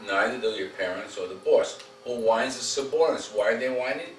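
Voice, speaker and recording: A man's voice: medium pitch, lively intonation, brisk. A man working as a dog trainer, coaching a dog owner at home in a direct way and often checking in with "okay?". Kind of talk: casual instruction at a home visit. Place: home room. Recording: roomy, distant camera mic, faint noise.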